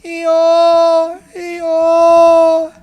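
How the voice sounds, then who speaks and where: A man voicing a frightened donkey stuck in a well, braying and pleading in a high voice. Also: monotone, very slow, a little mellow, full character voice. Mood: braying for help.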